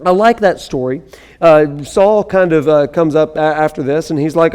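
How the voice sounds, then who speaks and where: A male pastor with a slightly raised pitch delivers a sermon. He reads scripture with dramatic swings in loudness, then drops into casual, conversational asides. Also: moderate pace, clean tone, in a large hall.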